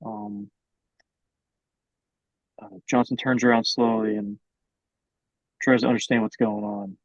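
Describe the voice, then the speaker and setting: Young man co-host, slow halting improv narration, dull dry recording. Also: medium pitch, sing-song, creaky, dry recording. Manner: hesitant, filler-heavy narration. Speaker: podcast co-host. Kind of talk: improvised storytelling.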